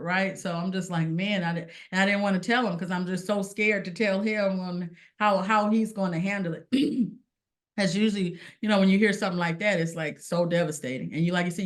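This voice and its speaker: A woman of ordinary pitch speaks as a podcast guest, telling her own story with earnest feeling. She talks in a lively way and acts out the lines that she and others said. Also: brisk. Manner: earnest, animated storytelling with acted-out quotes. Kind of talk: casual personal testimony.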